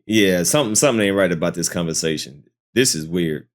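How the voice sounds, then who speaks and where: Skeptical man reacting, lively pitch. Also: fairly quick. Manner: skeptical, repeats himself, animated. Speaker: reaction channel host. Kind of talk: casual reaction commentary.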